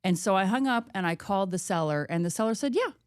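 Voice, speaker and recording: A woman co-hosting a real estate podcast, telling a personal story in a lively, chatty way. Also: medium pitch, fast talker, smooth, no echo, clean studio sound. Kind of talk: casual podcast chat.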